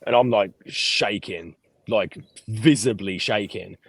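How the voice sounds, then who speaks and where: A man, a podcast guest telling lively stories about his life and swearing freely. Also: fairly low pitch, takes it slowly, vocal fry, slightly rough, no room sound. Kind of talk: casual storytelling interview.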